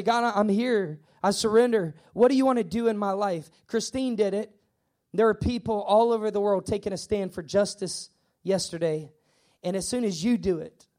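High-voiced man preaching a sermon. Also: darkish tone. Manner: emphatic, repetitive preaching with stammered acted asides. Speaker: pastor.

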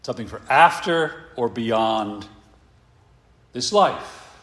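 Man preaching slow and emphatic, lots of up and down in his voice, asks rhetorical questions. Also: on the high side, sing-song, reverberant. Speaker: pastor. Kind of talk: sermon.

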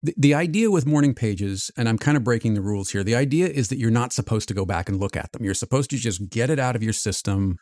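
A man's voice: mid-range voice, lively intonation, fast talker, few pauses, darkish tone, dry recording, clean studio sound. A man hosting a podcast, introducing the episode and chatting in an easygoing, reflective way. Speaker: podcast host. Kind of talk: casual chat.

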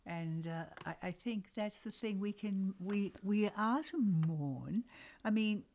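Gentle slow-spoken woman host. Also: mid-range voice. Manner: gentle affirming listener, many soft hums. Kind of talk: faith talk show conversation.

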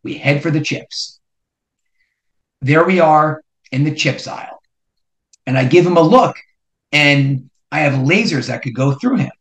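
A middle-aged man from New Jersey hosts a podcast and tells a personal story. He speaks in an animated way and builds suspense with strings of rhetorical questions. His voice sits a little high for a man, and the room around him rings with echo. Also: measured pace, pauses often. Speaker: podcast host. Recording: roomy echo.

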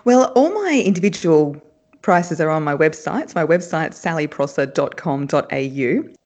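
A woman's voice: low-pitched, animated, moderate pace, darkish tone, lo-fi sound. A woman, a voice coach explaining her work as an interview guest, laughing often. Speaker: voice and speech coach.

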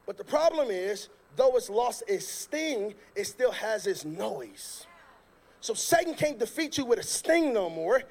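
A man preaching a sermon, telling a funny story in a lively, colloquial way that turns loud at times. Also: high voice, unhurried.

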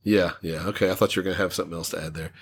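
A man's voice: deep voice, fairly even intonation, rapid-fire, husky. A man co-hosting a casual podcast, reading out listener comments and laughing often. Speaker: podcast co-host.

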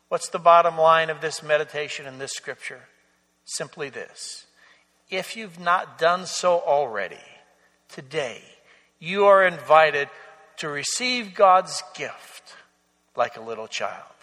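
Slow, earnest preaching man. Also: fairly high pitch, lively intonation. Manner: slow, earnest preaching with soft, drawn-out endings. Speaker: pastor. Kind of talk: sermon. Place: church sanctuary. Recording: long church reverb.

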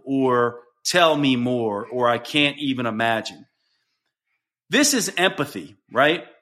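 A man's voice: mid-range voice, pushed and bright. A man hosting a podcast, earnestly explaining how to respond to someone going through a hard time, acting out example phrases as he goes. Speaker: podcast host. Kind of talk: solo coaching talk.

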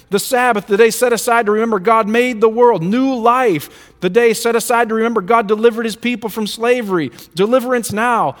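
A man's voice: extremely high pitch, fairly quick, hardly any pauses. A man preaching a sermon in a church, speaking with emphatic rhythm and repeated lists. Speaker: pastor. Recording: reverberant hall.

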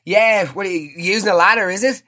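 Man putting on a squeaky fake-macho bro. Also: brisk. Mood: forced bravado. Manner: loud, strained, overdone bravado.

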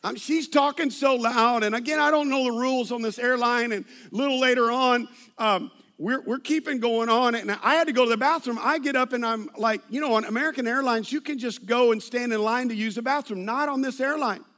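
A man's voice: very high-pitched, a little fast, few pauses, a bit bright. A middle-aged man, a pastor preaching a sermon full of personal stories, telling them animatedly with many restarts and asides.

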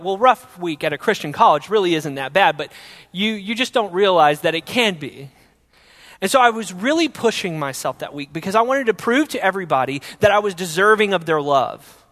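A young man telling his personal faith testimony in an earnest storytelling way, going from loud to hushed. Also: high-pitched, expressive, fairly quick, in a large hall.

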